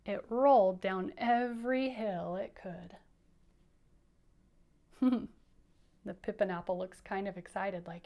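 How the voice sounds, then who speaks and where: A woman's voice: medium pitch, steady tone, slow, pauses often, lo-fi sound. A woman teacher giving a playful, coaxing read-aloud for children, inviting them to repeat lines after her. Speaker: teacher reading aloud to kids.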